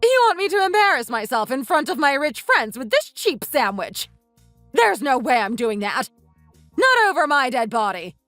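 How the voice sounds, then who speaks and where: A woman's voice: high voice, very animated, normal speed, a bit bright, no room sound, soft background music. A woman voicing a snobbish, spiteful young woman in a voiced texting story, with haughty, sneering outbursts. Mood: scornful.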